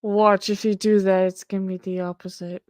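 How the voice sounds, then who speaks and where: A woman's voice: mid-range voice, little pitch movement, brisk, darkish tone, no room sound. Foul-mouthed woman stream host. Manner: swears constantly, laughing. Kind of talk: casual stream chat.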